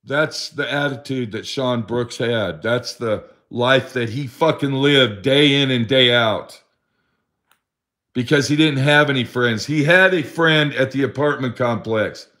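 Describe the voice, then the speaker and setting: A man's voice: mid-range voice, a little slow, pushed and bright. Rambling profane man telling a sad story. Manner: profane, rambling, acts out his friend's voice in quotes. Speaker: vlogger telling a story about a friend. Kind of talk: emotional personal storytelling.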